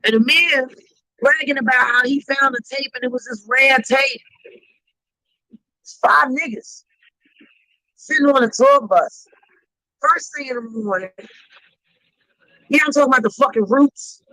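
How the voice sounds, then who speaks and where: A woman with a high, bright voice tells a story in blunt, emphatic speech full of cursing. The sound is close and dry, with no room around it. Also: measured pace, long pauses, dry recording, low-quality recording. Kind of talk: profane storytelling.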